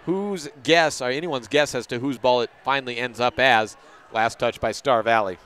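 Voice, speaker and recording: In a clean recording, a local radio play-by-play man calls a high school girls' basketball game at a brisk pace. His tone leans a bit bright, and he now and then corrects the names he says.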